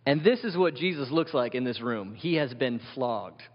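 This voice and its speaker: A pastor delivers a sermon in a mid-range voice with lively intonation at normal speed. He is emphatic and fires question after question at his congregation. The sound is dull, with a long hall reverb.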